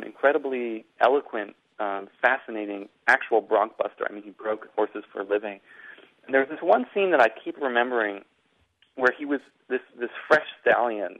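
A middle-aged man from Boston, an author answering interview questions in a rambling way, often repeating words. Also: lowish voice. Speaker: author and guest. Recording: phone-like remote line.

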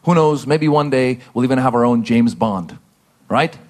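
A man's voice: medium pitch, normal speed. A male comedian delivering a comic monologue, building to punchlines and acting out quoted exchanges.

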